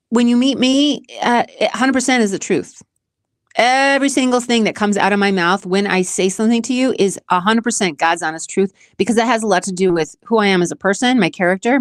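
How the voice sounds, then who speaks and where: A woman's voice: mid-range voice, dry recording. A woman hosting her own show, talking casually and earnestly about relationships in a rambling, emotional way, close to tears at times. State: tearful at times. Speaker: podcast host. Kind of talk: casual personal monologue.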